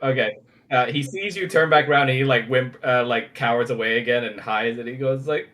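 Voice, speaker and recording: A man narrating as game master of a tabletop game, speaking haltingly with many restarts. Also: medium pitch, a bit bright. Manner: halting, full of fillers and restarts.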